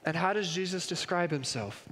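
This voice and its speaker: A pastor with a high voice delivers an emphatic sermon and keeps posing rhetorical questions to his listeners. His voice carries a long reverb that rings around a large hall. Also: moderate pace, a bit bright.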